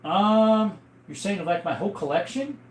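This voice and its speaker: A man's voice: high-pitched, expressive, moderate pace, darkish tone. A young man hosting a casual livestream, reading chat and greeting viewers by name in a chatty, upbeat way.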